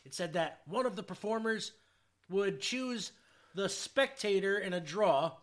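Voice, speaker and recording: A man's voice: high voice, expressive, measured pace, a bit bright. A man hosting a casual podcast, reading news headlines aloud with joking, profane asides. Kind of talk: casual chat.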